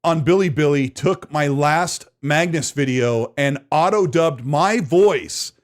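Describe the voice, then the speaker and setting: A man's voice: fairly high pitch, slow pace. A man hosting a gaming news podcast, chatting casually and joking, often laughing. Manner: animated, jokey, laughs often. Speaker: podcast host.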